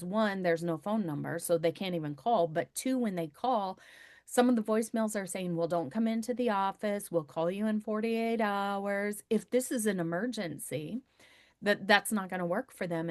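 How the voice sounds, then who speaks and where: A woman's voice: lowish voice, a little mellow, no echo, studio quality. A woman in her fifties, a podcast guest talking in an emphatic, conversational way and repeating key points for weight. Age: 50s. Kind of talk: conversational interview.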